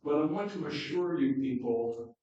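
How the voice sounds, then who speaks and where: A male pastor preaching a sermon and reading a story aloud, slow and deliberate, recorded from afar in an echoey hall. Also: on the high side, dark tone. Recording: dull echoey hall from far off.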